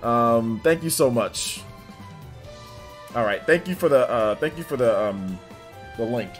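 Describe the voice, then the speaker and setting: Faint game music sits under this man's medium-pitched, animated voice as he hosts a laid-back livestream at a measured pace. Chatty and quick to laugh, he reads comments and addresses his viewers directly.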